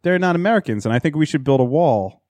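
A man's voice: a little high, lively intonation, fast talker, darkish tone. A man hosting a podcast in casual chat, rambling and joking, swearing freely, with a light Philadelphia accent. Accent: picks up a Philadelphia accent. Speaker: podcast host.

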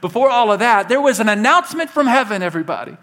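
A man preaching a sermon to his church, animated and conversational, laughing along with his stories and talking straight to the congregation. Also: high-pitched, fast. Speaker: pastor.

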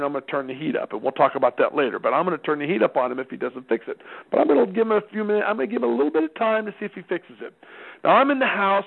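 A man's voice: a little high, vocal fry. A middle-aged man speaking at a parenting seminar, telling a folksy family anecdote and acting out the dialogue. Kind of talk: storytelling talk. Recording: tinny phone-like radio sound.

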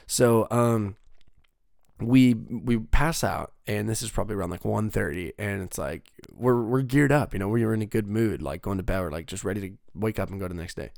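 A man's voice: lowish voice, expressive, fairly quick, vocal fry, no room sound, clean studio sound. A young man telling a rambling, profane story in a casual monologue, full of fillers and restarts.

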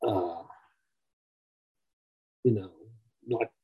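A man's voice: on the low side, extremely slow, warm tone, a little hiss or hum, rough recording. A man teaching through a story in a loose, conversational way, with frequent fillers and asides. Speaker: teacher of a personality-type framework. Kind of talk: storytelling lecture.

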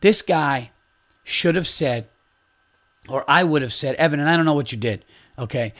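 A man's voice: fairly high pitch, moderate pace, pauses often. A man hosting his own podcast, ranting in a heated, casual way and swearing freely. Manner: animated, heated ranting with profanity. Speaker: podcast host. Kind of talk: casual solo podcast rant.

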